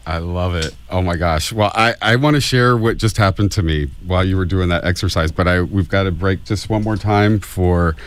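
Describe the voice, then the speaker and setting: A man's voice: sits low, moderate pace, few pauses, smooth, no echo. A man hosting a community radio talk show, responding to his guest in a reflective, affirming way and leading into the announcements. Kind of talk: casual radio interview.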